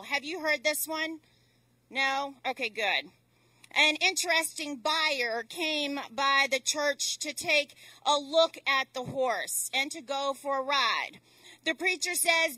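A woman preaching a sermon with a deliberate, emphatic delivery and dramatic pauses. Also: sits high, sharp tone, no room sound, recorded from a distance.

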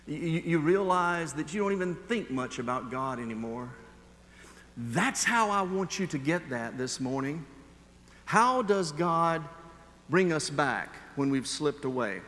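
A man preaching a sermon as pastor, telling a personal story in an earnest way and shifting between slow emphasis and quick asides. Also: mid-range voice, fairly bright tone, long reverb tail.

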